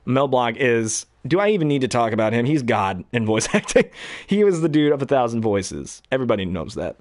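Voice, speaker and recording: A baritone man talks casually about his hobby of voicing characters and rambles from point to point. His pitch moves in a lively way, and the recording sounds dry and close. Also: brisk, no room sound. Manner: rambling, frequent throat clearing. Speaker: hobby voice actor. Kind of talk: casual talk to camera.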